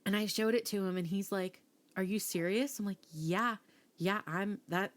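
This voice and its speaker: A woman's voice: medium pitch, moderate pace. A young adult woman co-hosting a podcast, telling a story in casual chat and acting out quoted lines. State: pregnant. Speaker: podcast co-host.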